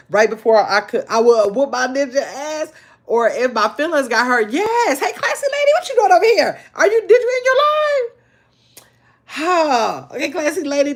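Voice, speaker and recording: A woman's voice: fairly high pitch, fairly bright tone. An older woman hosting a casual livestream, chatting loosely and answering viewers' comments as they come in. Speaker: livestream host.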